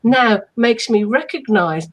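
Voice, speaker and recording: A woman's voice: a little high, slow pace, rough recording. A woman co-hosting a self-help live stream, speaking in an emphatic, affirming way over a video call. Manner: emphatic, affirming, animated delivery.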